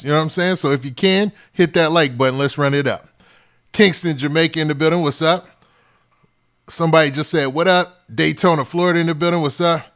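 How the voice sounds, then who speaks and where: A man hosting a hip-hop news livestream. He talks in a relaxed, casual way and keeps saying "man" and "what's up". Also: on the high side. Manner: laid-back, repeats "man" and "what's up" often. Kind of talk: casual livestream shout-outs.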